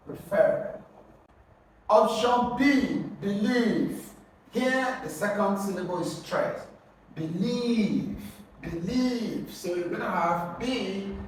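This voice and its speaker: High-voiced male teacher in echoey room. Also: a little hiss or hum. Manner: drills syllables, asks rhetorical questions. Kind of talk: exam-prep lesson. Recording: very echoey room, mic at a distance.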